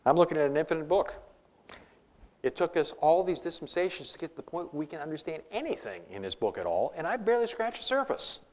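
Animated male preacher, lively pitch. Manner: lively, rising and falling emphatic delivery with humorous asides. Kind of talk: sermon.

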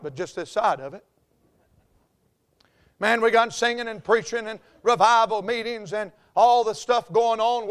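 A man's voice: high-pitched, a bit bright. A middle-aged man from the North Carolina mountains, preaching a sermon with an Appalachian accent and exuberant storytelling. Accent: Southern US Appalachian. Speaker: pastor.

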